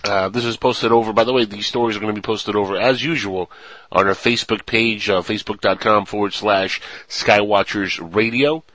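A man's voice: lowish voice, steady tone, a little fast, a bit bright, rough recording. A man co-hosting a casual online radio show, reading stories and joking with his partner, often slipping into mock accents.

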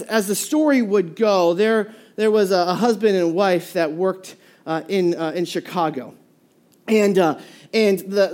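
A preacher giving a sermon, telling a story in a lively way with many restarts and short laughs. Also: mid-range voice.

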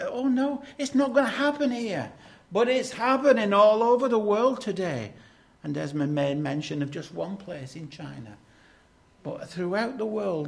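An older man preaching a sermon, emphatic, swinging between loud declarations and hushed lines. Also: high-pitched, gravelly.

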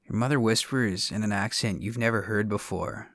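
A man's voice: fairly low pitch, normal speed, creaky, fairly bright tone, dry recording. A man hosting a podcast, delivering a scripted monologue with dry, sardonic humor. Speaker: podcast host.

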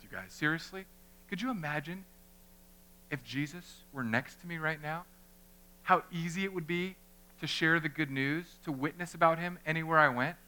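A man, a pastor, preaching a lively sermon, talking straight to his congregation and acting out little scenes. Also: high-pitched. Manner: conversational, addresses the congregation directly; animated, acts out little scenes.

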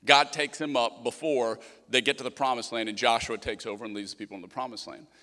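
A young man preaching a sermon as pastor, animated and acting out voices in the quotes he tells. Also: mid-range voice, quick pace. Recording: long hall reverb.

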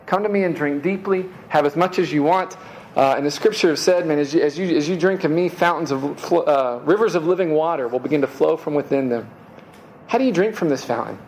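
A man's voice: on the high side, fairly quick, darkish tone, slight background noise, poor audio. A man preaching a sermon in a casual, conversational way, dropping "man" and "right?" asides and repeating words as he restarts.

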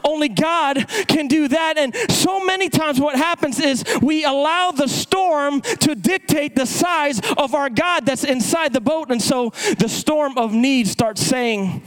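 A man preaching a sermon, impassioned, repeating words and swinging his pitch up and down for emphasis. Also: unhurried, few pauses, fairly bright tone, poor audio.

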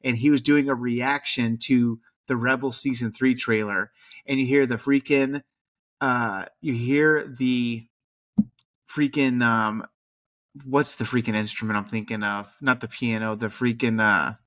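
A man in his thirties hosting a fan podcast, chatting excitedly and casually. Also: medium pitch, a little slow. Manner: excitable, says freaking a lot. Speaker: podcast host.

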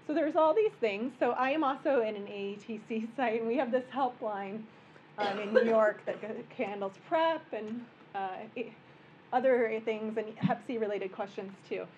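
A woman, a physician giving a relaxed, joking medical workshop lecture in a conference room. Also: on the high side, moderate pace, dull audio, slight background noise. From American Midwest. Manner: conversational and joking, explaining plainly.

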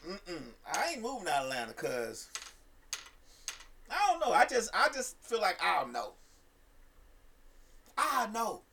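Guy gossiping on a podcast, gravelly bright voice, laughs a lot. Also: high voice, huge pitch swings, a little slow, long pauses. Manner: gossipy, laughs often, reads comments aloud. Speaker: podcast co-host. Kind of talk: casual chat.

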